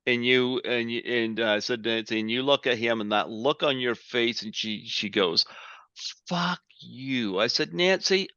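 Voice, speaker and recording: Bright-voiced rambling male podcast host. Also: mid-range voice, normal speed, hardly any pauses, clean tone, no room sound, lo-fi sound. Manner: rambling, excitable storyteller with many restarts. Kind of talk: casual interview chat.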